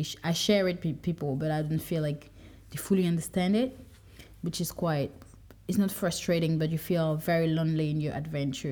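Low, mellow-voiced woman musing aloud. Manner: reflective, rambling, with many fillers and restarts. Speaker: podcast host. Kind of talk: casual personal podcast monologue.

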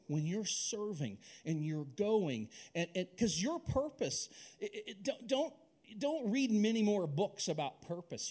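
Animated pastor preaching, lively high voice. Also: male voice. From Alaska. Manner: animated, conversational storytelling with many restarts. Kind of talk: sermon with personal story.

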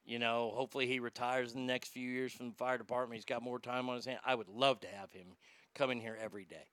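A man's voice: fairly even intonation, quick pace, clear, resonant tone, no room sound. Blunt, profane male podcast host. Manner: swings between loud outbursts and low muttering. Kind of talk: casual chat reading listener comments.

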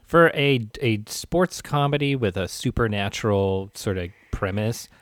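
A man with a low voice chats about a film in a laid-back, easygoing way, laughing and cursing casually as he goes. The recording is dry and close. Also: expressive, unhurried, no echo. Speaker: podcast co-host. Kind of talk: casual movie review chat.

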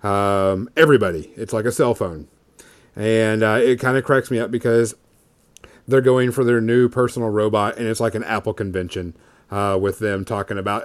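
A man's voice: on the low side, normal speed. A man in his thirties, a podcast co-host, telling a story in casual chat, rambling with lots of fillers.

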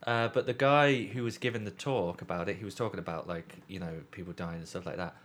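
Low-voiced man telling stories. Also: quick pace, a bit bright. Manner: swears a lot, rambling anecdotes. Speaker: podcast co-host. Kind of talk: casual podcast chat.

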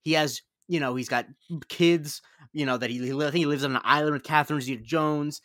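Man on a podcast, bright forward voice, rambles and restarts, opinionated, dry close-miked sound. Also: a little high, steady tone, brisk, no echo. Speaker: podcast co-host. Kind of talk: casual chat.

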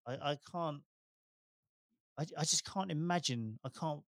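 A man's voice: fairly high pitch, a little slow, dry recording. Easygoing man, dry sound. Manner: reflective, laughs easily, many "you know"s. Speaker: podcast co-host. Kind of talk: casual chat.

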